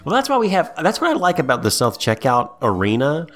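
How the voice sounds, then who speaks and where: A man's voice: on the high side, wildly swooping pitch, brisk, faint music behind. A man co-hosting a podcast, chiming in with wry comments in casual chat. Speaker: podcast co-host.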